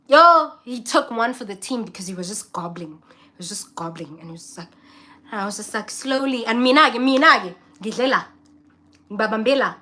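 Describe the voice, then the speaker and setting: A young South African woman vlogger telling a story in a casual, animated way, often acting out the voices of the people in it. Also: mid-range voice. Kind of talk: casual storytelling, mixing English and Zulu.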